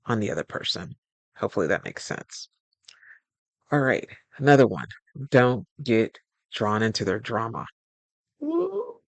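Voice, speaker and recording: A man hosts a casual relationship-advice talk, speaking in a loose, colloquial, chatty way and acting out little scenes in quoted voices. His medium-pitched voice is creaky, with no echo.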